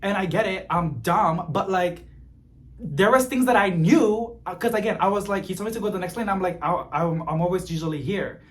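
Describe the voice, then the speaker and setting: A man telling a story in casual chat, expressive and growing exasperated as he vents. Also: sits high, fairly quick. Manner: expressive, gets animated and exasperated while venting. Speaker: plant vlogger.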